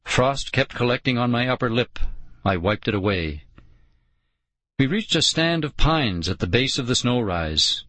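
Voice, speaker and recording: A man giving steady, measured first-person narration of an audiobook. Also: mid-range voice, dry recording.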